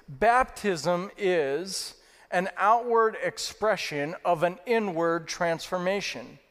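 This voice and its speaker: A man preaching a sermon as lead pastor, telling a story with repeated phrases and a few fillers. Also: high-pitched. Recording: long hall reverb.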